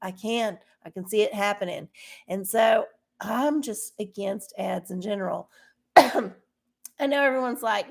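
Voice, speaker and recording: A woman's voice: mid-range voice, animated, a little slow, gravelly. A woman hosting a livestream, chatting casually to her viewers in a profane, ranting way. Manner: talks to viewers directly. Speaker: livestream host.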